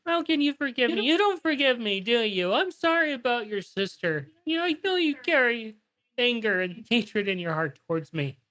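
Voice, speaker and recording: A woman voicing a grieving, guilt-stricken female dragon, ten feet tall, who pleads in a high, wailing voice. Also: animated, normal speed, a bit bright. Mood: pleading, guilty.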